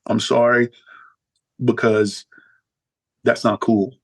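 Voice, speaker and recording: Comic's impression of a blunt, husky street tough, flat and matter-of-fact. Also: male voice, slow, dry recording. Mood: blunt, apologetic. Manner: blunt street slang, calm and low. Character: street-tough man apologizing for a threat.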